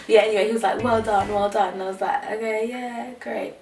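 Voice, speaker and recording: A woman's voice: medium pitch, level tone, rapid-fire, a crowd in the background. A woman telling a story casually as a vlog co-host, chatty and acting out the voices of the people in it. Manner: chatty, acts out quoted voices. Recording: roomy, distant mic, music behind.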